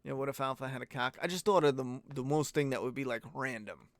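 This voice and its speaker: An adult father hosts a casual live-stream Q&A, answering viewer questions in a blunt, rambling way with lots of swearing. His voice is medium in pitch and fast, with no room sound.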